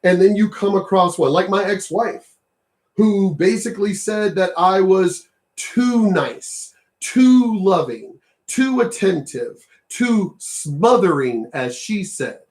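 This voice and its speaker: Male vlogger, high-pitched, profane repetitive ranting. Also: lively intonation, slow pace, a little mellow. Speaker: commentary vlogger. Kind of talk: ranting commentary on clips.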